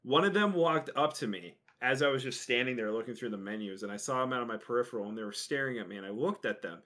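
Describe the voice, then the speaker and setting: A man co-hosting a casual podcast, telling a story haltingly with many fillers. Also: medium pitch, expressive, a bit bright. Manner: hesitant storyteller, trails off with fillers. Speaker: podcast co-host.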